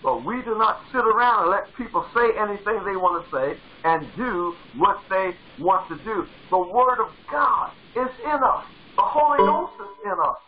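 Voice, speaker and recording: A man's voice: high voice, normal speed, hardly any pauses, narrow, tinny audio. A male pastor preaching a sermon with fervor, driving points home by repeating phrases. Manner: fervent, repeats phrases for emphasis.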